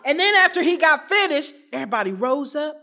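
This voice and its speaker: A woman telling her personal recovery story to an audience, in an animated and humorous storytelling manner with dramatic pauses. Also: sits high. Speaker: recovery meeting speaker.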